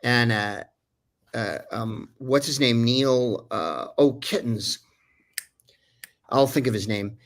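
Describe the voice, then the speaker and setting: Male voice actor as a chatty guest, rambling through a story, full of fillers, mid-pitched. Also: slow, long pauses. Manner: rambling, digressive, many fillers. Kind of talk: casual anecdote telling.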